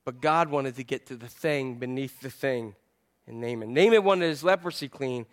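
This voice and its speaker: A male pastor preaching a sermon in a church, animated and playful, repeating phrases to drive a point home. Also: mid-range voice, moderate pace.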